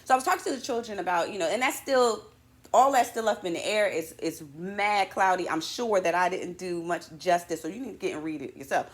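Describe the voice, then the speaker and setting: A woman hosting a morning show in a casual monologue, animated and slangy, full of playful asides to her viewers. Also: fairly low pitch, fairly quick.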